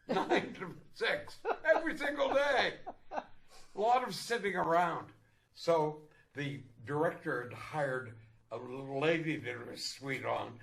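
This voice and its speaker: A man's voice: mid-range voice, vocal fry, slight background noise. A man, a stage performer, telling a wry theater anecdote with chuckles along the way. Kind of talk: anecdotal storytelling.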